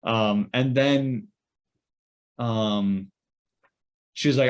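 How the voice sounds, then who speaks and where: Male podcast co-host, casual, animated, rambling anecdote with frequent fillers. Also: lowish voice, moderate pace. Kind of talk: casual storytelling.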